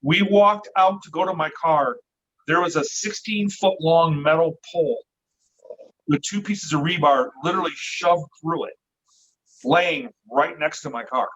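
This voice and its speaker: A middle-aged man with a voice a touch high for a man tells a story in a loose, animated way. He acts out the voices he quotes and swears now and then. The recording sounds dull and lo-fi. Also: a little slow. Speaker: podcast guest. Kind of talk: casual storytelling.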